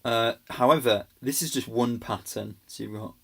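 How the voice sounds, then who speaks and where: A man's voice: medium pitch, fairly even intonation, moderate pace, creaky. A man giving a casual grammar lesson over slides, patient and reassuring, with many ums and small restarts. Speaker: language teacher.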